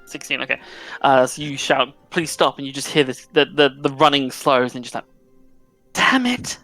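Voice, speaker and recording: A man runs a tabletop game, describing scenes in a loose, casual way full of fillers. His voice sits at a middle pitch, with faint music playing under the talk. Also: flat delivery, fairly quick, a bit bright, no room sound. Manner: casual, filler-heavy narration. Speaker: game master.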